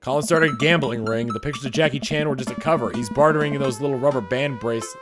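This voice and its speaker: A man's voice: mid-range voice, fast talker. A man streaming a video game, reading its text aloud with playful jokey commentary. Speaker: streamer playing a dating game. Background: game music.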